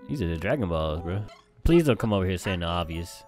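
A young man giving casual let's-play commentary, bantering loudly with slang and swearing as he plays. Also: deep voice, big pitch swings, a little fast. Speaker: gamer commentator. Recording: game music behind.

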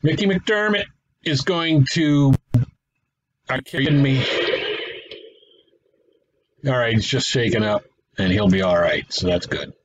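A man talks his way through a simulated baseball game in easy play-by-play commentary. His voice sits at an ordinary pitch, and he muses aloud, backtracks and drops dry remarks. Faint noise runs underneath. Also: moderate pace, highs cut off. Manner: thinks aloud, self-correcting, wry asides. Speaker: gaming channel host. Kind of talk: casual play-by-play commentary of a tabletop baseball sim.

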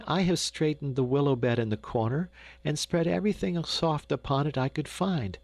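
A man voicing a frightened, tender little peasant girl in an audiobook, speaking softly and anxiously. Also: mid-range voice, no room sound, pitched above the performer's own voice. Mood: pleading. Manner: pleading, soft and anxious. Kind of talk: audiobook character voice.

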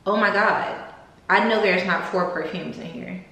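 A woman's voice: medium pitch, normal speed, sharp tone. Gushing young woman in an echoey room. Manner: gushing, chatty, says "like" and "y'all" a lot. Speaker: vlogger. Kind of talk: casual unboxing chat to camera. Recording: echoey room with faint noise.

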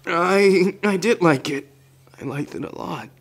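Man doing shy anxious Tamaki Amajiki, slow breathy whispers. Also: sits high, exaggerated voice. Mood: flustered. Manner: soft, hesitant, flustered stammering. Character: shy anxious young man, timid and self-doubting. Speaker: ASMR roleplayer. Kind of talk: whispered role-play.

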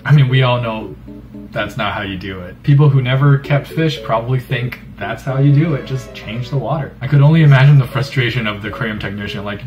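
A young man talks straight to his viewers in a loose, joking way. He pokes sarcastic fun at the aquarium he is reviewing, and music plays clearly under him. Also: medium pitch, brisk, muffled recording. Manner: joking, sarcastic, animated critique. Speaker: fishkeeping YouTuber reviewing fish tanks. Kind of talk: casual commentary vlog.

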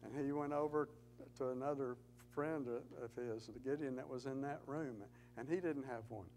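A man's voice: medium pitch, fairly even intonation, moderate pace, a little mellow, a little hiss or hum, poor audio. Earnest man telling stories. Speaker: Gideons speaker at church. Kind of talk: testimony talk in church.

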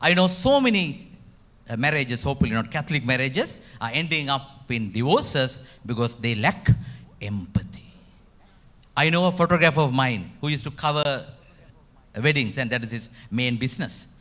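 A man's voice: mid-range voice, expressive, moderate pace, a bit bright. A man with a Sri Lankan accent giving a retreat talk, emphatic and full of rhetorical questions to his audience. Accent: Sri Lankan English. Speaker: retreat speaker.

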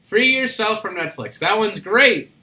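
A man's voice: sits high, expressive, a little slow, bright, forceful tone. A man hosting a casual live stream, chatty and upbeat, reading fan mail aloud. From Australia. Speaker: streamer host.

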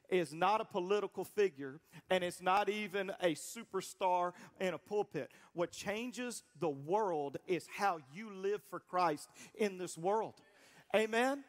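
High-voiced pastor preaching lively. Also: male voice. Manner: animated, conversational preaching with call-and-response. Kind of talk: sermon. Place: church auditorium before a congregation.

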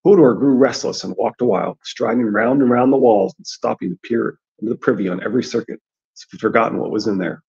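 Gravelly man reading a novel aloud. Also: medium pitch, quick pace. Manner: expressive dramatic reading. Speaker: audiobook reader and theory commentator. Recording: dull lo-fi recording.

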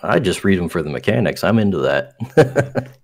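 A man speaking as a guest game designer in a casual interview, relaxed and offhand. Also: low-pitched, slow pace.

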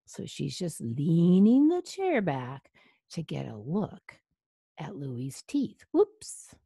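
A woman reading a children's picture book aloud, gently explaining the story to a young listener. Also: deep voice, very animated, slow, vocal fry, slightly rough, dry recording, clean studio sound.

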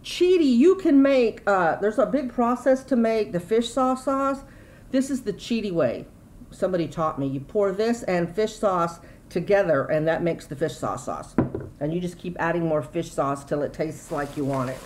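A woman's voice: lowish voice, animated, normal speed, a little mellow, a little hiss or hum, low-quality recording. A middle-aged woman, chatting casually and rambling through a grocery haul at home. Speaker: YouTube vlogger.

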